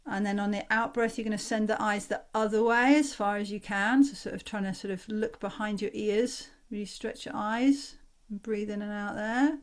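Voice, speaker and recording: A woman, a voice coach calmly and encouragingly leading a group through relaxation exercises on a video call. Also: mid-range voice, normal speed. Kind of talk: online workshop instruction.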